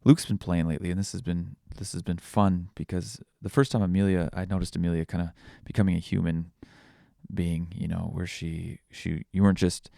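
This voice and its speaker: A man in his thirties talks through a reflective podcast monologue, candid and rambling, often restarting his sentences. His voice sits very low with a gravelly fry, and the recording is dry and close. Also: flat delivery, a little fast, warm tone, dry recording. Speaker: podcast host.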